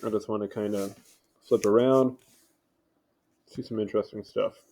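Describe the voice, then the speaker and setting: With a warm, lowish voice, fairly even intonation, and a moderate pace, a man reads wiki articles aloud at home for a video. He stumbles over names and drops offhand remarks as he goes, recording on a home mic.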